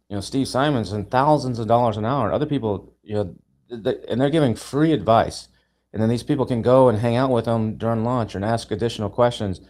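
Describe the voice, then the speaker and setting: A man on a live video call, telling long stories in a casual, animated way, restarting and repeating words and acting out what people said. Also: mid-range voice. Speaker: guest speaker, event founder.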